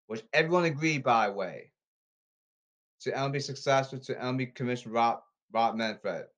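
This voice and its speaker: A man's voice: medium pitch, fairly bright tone. Insistent rambling man reading rules. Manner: repetitive, insistent, halting restarts. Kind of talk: rambling monologue to camera. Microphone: phone.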